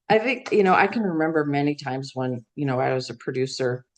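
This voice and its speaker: Low-voiced woman telling career stories. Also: normal speed. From Iowa. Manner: rambling storytelling with frequent fillers and laughs. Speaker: guest, veteran news executive. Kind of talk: casual interview chat.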